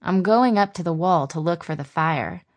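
A woman's voice: on the low side, moderate pace, lightly acted. A woman voicing a spirited, restless young woman in an audiobook. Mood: earnest.

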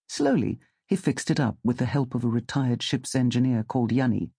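Slightly breathy man reading a story. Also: mid-range voice, no echo, studio quality. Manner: calm, measured storytelling. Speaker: narrator. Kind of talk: scripted audiobook narration.

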